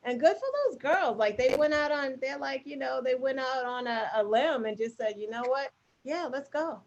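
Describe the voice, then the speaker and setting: A woman co-host chatting casually, retelling a story in an animated, filler-heavy way. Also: high voice, moderate pace. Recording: muffled lo-fi audio.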